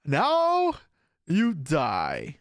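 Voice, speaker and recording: A man putting on a slow, dramatic vampire count voice, menacing and grandiose. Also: on the high side, huge pitch swings, no room sound, studio quality, full character voice.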